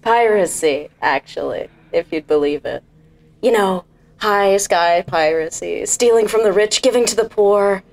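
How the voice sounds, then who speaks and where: A woman's voice: mid-range voice, a little slow, vocal fry. A woman voicing a brash, hard-drinking female sylph sky pirate who teases everyone. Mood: boozy swagger. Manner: sassy and teasing.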